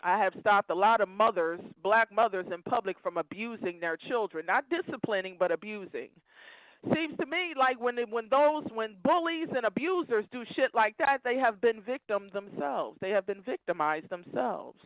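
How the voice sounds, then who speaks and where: Woman caller, emotional, fiery and preachy, animated pitch, tinny phone sound. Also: moderate pace, dry recording. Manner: preachy, fiery, repeats phrases for emphasis. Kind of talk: impassioned call-in rant. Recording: tinny dry phone line.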